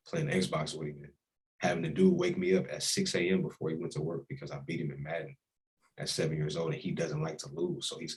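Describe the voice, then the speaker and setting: A man's voice: rumbling low, steady tone, brisk, poor audio. A young man, a college quarterback, talking with emotion and reflection as a guest in a casual interview. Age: young adult. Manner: heartfelt, reflective, speaks with emotion.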